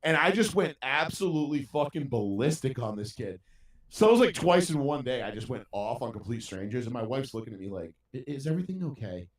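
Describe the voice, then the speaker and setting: A man's voice: mid-range voice, very animated, fairly quick. A man telling a story in casual podcast chat, ranting with heavy profanity. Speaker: podcast co-host. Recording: roomy sound from a distant mic.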